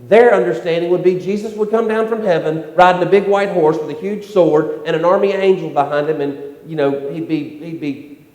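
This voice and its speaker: A man's voice: fairly high pitch, a little fast, a little mellow. Male pastor preaching in an echoey church. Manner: conversational preaching with repetitions and acted-out quotes. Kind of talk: sermon. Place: church sanctuary.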